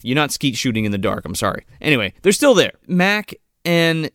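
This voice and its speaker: Man, casual movie riff, lively swooping pitch, slightly high voice, dry close sound. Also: moderate pace, no echo. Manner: animated, profane, mimics characters.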